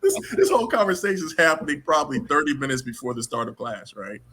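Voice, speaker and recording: A man telling stories as an interview guest in a casual, animated way, acting out the dialogue. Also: on the high side, fast, a little hiss or hum. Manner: animated, acts out dialogue with laughs. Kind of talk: casual storytelling.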